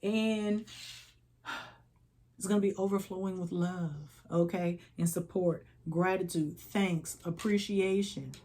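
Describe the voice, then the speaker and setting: A woman gives a casual tarot reading as if telling a story, acting out little voices and constantly checking in with "okay?" Her voice is fairly low, slow, and mellow with fairly even intonation, and there is slight background noise.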